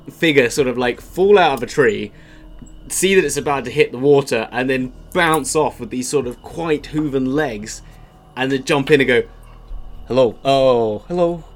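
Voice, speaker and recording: A man narrating as dungeon master in a loose, rambling way with lots of fillers. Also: medium pitch. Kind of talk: narrating a tabletop game.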